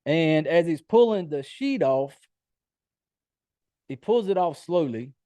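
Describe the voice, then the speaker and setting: Male podcast host, casual film recap, cusses freely; higher-pitched, warm tone, dry close sound. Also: expressive, takes it slowly, no echo. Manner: loose, profane storytelling with many fillers. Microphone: home computer setup.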